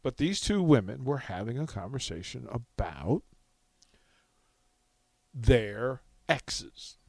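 A man's voice: medium pitch, very animated, slow pace, vocal fry, a little mellow, husky, dry recording. A man hosting a talk radio show, telling a funny story with lots of laughter.

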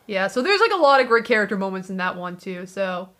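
A woman co-hosting a casual chat, lively and full of fillers, acting out quoted lines now and then. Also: mid-range voice, quick pace. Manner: animated, many fillers, acts out quoted lines. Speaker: podcast co-host.

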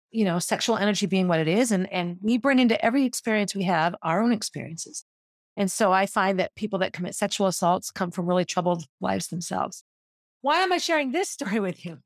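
A woman's voice: medium pitch, no room sound, clean studio sound. A woman, a former teacher, telling a personal story in a vivid, descriptive way that walks listeners through a scene.

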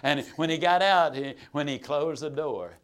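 A man's voice: a little high, normal speed, clear, resonant tone. An older man, a sales trainer telling a humorous story in a folksy, dramatic way.

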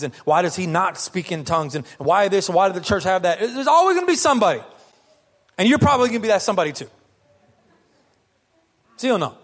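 A man preaching a sermon as pastor, conversational and lively, firing off rhetorical questions to the congregation. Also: on the high side.

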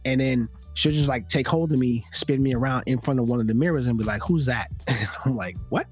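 A man hosting a casual talk podcast, telling stories and acting out loud quotes as he goes. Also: medium pitch, a little fast, slightly rough, faint music behind. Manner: animated storytelling with loud acted-out quotes. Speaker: podcast host. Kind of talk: casual conversation.

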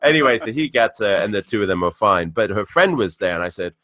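Bright-voiced man telling stories, dry sound. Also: lowish voice, quick pace, no room sound. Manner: animated, laughs while telling stories. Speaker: podcast co-host. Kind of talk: casual storytelling.

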